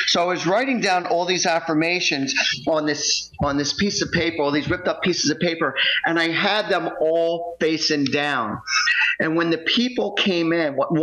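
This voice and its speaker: A man's voice: fairly high pitch, a bit bright, highs cut off. A man who works as a psychic reader, telling a story casually and rambling, with many fillers and restarts.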